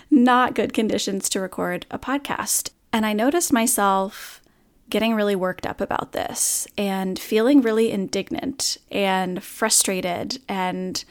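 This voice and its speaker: A woman hosting her own podcast, talking candidly and earnestly about a hard morning in a reflective monologue. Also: medium pitch. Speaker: podcast host.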